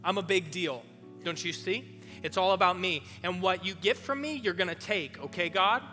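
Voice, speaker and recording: A man's voice: sits high, normal speed, sharp tone, long reverb tail, faint music behind. A man acting out a boastful, self-righteous Pharisee man in a mocking, preening way. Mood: smug boasting.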